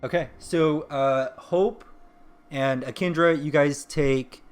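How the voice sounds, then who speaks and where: A man narrating as game master of a tabletop game, often pausing with ums and restarting sentences. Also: on the high side, steady tone, soft background music. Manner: hesitant, full of ums and restarts. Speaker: dungeon master.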